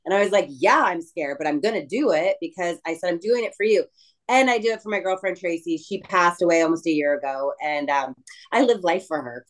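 A middle-aged woman being interviewed about returning to wrestling, talking emotionally with frequent restarts and pauses. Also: lowish voice, low-quality recording. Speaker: guest wrestler. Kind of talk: casual interview chat.

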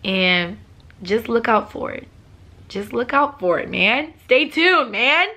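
Young woman, casual vlog chat, husky morning voice, coughing, laughs a lot. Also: medium pitch, takes it slowly. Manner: relaxed, chatty, laughs often. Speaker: vlogger. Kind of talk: casual vlog talk to viewers.

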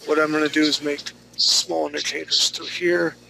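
A man's voice: on the high side, little pitch movement, moderate pace, creaky, very noisy. A male drawing instructor running a live class. He talks through each step in an easygoing, joking way.

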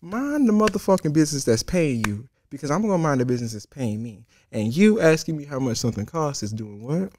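Young male host, comedic storyteller, brash and profane, swings from shouting to near-whisper, dry close sound. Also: a little high, fairly quick, few pauses, no echo. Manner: animated and profane, jumping from loud outbursts to hushed asides. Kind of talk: comedic story time monologue.

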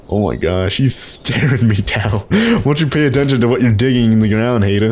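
A young man giving excitable, casual commentary while playing a video game, often exclaiming and laughing. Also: lowish voice, brisk, hardly any pauses, slight background noise. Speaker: let's play host.

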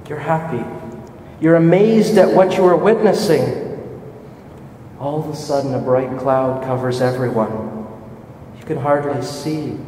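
Man, guided meditation, very echoey hall, distant mic, faint hiss. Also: medium pitch. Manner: slow, imaginative, rising excitement at the climax. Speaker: meditation leader.

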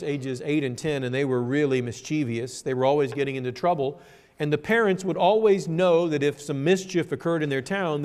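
Male pastor, sermon delivery, fairly high voice, long hall reverb, dramatic pauses and emphatic build-ups. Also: darkish tone. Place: church sanctuary.

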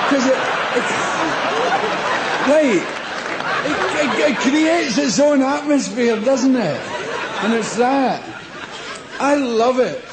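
A middle-aged Scottish man does live stand-up in a large theatre, boisterous and swearing freely as he acts out little scenes. His voice is extremely high-pitched, with a noisy background. The echoey stage recording captures the crowd and audience laughter.

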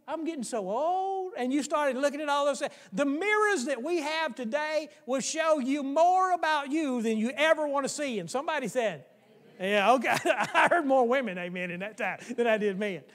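A man preaching a folksy, animated sermon in a church. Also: high-pitched, long reverb tail. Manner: folksy, animated, acts out playground voices. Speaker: pastor.

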